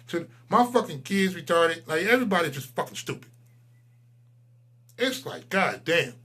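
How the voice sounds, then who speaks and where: A man in his forties, a channel host, delivering a profane, heated ranting monologue that swings between loud outbursts and low mutters. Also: sing-song, moderate pace, breathy edge. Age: 40s.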